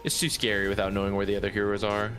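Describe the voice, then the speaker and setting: A man with a lowish voice calls an esports match live, talking through the plays in a relaxed way. He chuckles easily as he analyzes, and a music track runs clearly behind him. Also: rapid-fire. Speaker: esports commentator. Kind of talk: live game commentary.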